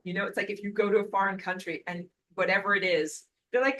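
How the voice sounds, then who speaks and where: A woman's voice: mid-range voice, quick pace, hardly any pauses, rough recording. A young woman host telling personal anecdotes in a casual, enthusiastic livestream chat. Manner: enthusiastic, animated storytelling.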